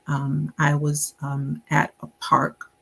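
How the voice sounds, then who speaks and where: A middle-aged woman, a guest author, recounting a childhood memory in a measured, reflective way with many pauses. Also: low-pitched, monotone, gravelly, a bit bright, slightly rough, low-quality recording. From Buffalo, New York. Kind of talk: interview storytelling.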